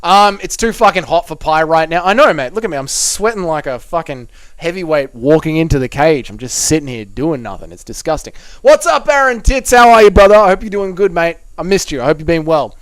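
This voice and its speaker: A man's voice: a little high, expressive, a little fast, hardly any pauses, no echo. A young Australian man reading out and answering chat messages on a live stream, swearing and bantering in a blokey way.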